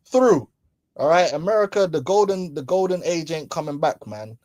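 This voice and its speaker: A man's voice: fairly high pitch, lively intonation, fairly quick, a little mellow, no room sound. Slangy, preachy man with a dry sound. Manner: slangy, mocking, preachy, laughs often. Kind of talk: casual religious commentary. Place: London.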